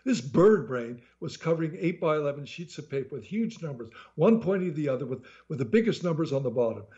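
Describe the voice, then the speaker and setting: A man's voice: fairly high pitch, expressive, brisk, dark tone, lo-fi sound. Man reading his sardonic memoir aloud. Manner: sardonic storytelling. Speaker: author reading his own book.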